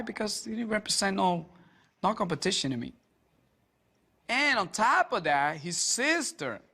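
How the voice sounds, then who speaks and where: A man's voice: on the high side, fairly bright tone. A man answering interview questions in a boastful, swaggering, profane way. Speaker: drug dealer interviewee. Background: music.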